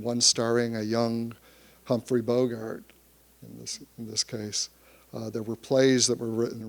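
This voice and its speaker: A middle-aged man from Michigan, an author giving a public talk, telling lively anecdotes with frequent restarts. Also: mid-range voice, vocal fry. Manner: storytelling with restarts, livening up for anecdotes.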